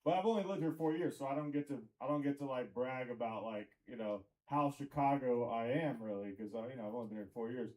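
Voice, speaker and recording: A man's voice: mid-range voice, quick pace, hardly any pauses, a little mellow, rough recording. A man from Tennessee doing a rambling stand-up comedy set in a comedy club, with crowd work and lots of fillers.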